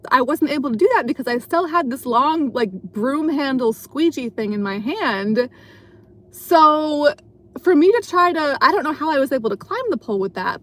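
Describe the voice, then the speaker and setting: A woman's voice: high-pitched, a bit bright. A woman telling a story in a casual live chat from her car, rambling with lots of fillers and restarts. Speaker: live streamer. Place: car at night while driving.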